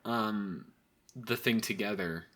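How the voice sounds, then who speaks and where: A man's voice: fairly low pitch, takes it slowly, pushed and bright. A young man co-hosting a casual podcast chat, laughing often as he retells scenes. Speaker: podcast co-host.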